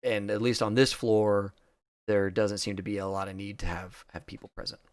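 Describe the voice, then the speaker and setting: A man running a tabletop role-playing game as game master, describing scenes in a halting way with many fillers. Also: lowish voice, fairly even intonation, no room sound.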